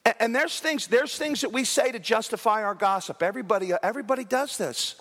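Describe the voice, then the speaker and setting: A man's voice: high voice, fast, fairly bright tone, long reverb tail. A man preaching a sermon to his congregation in a church, repeating words and asking them questions. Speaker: pastor. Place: church sanctuary.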